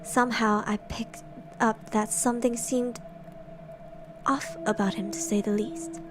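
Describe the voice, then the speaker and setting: A young woman reads a horror story aloud in a soft, hushed semi-ASMR voice, pitched a little high. She breaks off now and then for giggly asides. Faint music plays behind her. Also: level tone, unhurried. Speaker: streamer reading horror stories.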